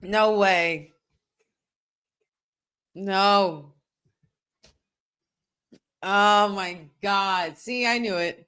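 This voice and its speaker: Woman host, slow unhurried delivery, live watch-along commentary, excitable reactions. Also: mid-range voice, clear, resonant tone. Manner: excitable, talks to viewers, exclaims at the action.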